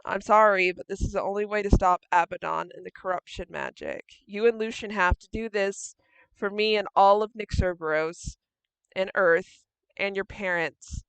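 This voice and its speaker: A woman voicing a gentle young man who speaks softly and with resignation as he sacrifices himself in a tabletop game. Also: mid-range voice, fairly even intonation, normal speed, creaky, smooth, no room sound, lightly acted. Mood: tender. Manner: soft, tender, resigned. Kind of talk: acting out a tabletop game character.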